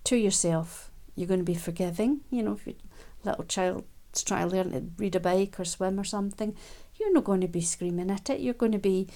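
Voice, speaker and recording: A woman giving a gentle, unhurried self-help talk, with frequent ums and quiet laughs. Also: medium pitch.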